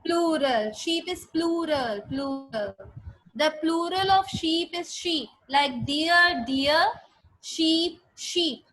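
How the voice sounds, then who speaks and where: A woman's voice: very high voice, slow pace, fairly bright tone, poor audio. A woman teacher giving a grammar lesson to a class, patiently repeating sentences and spelling words out letter by letter. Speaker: English teacher.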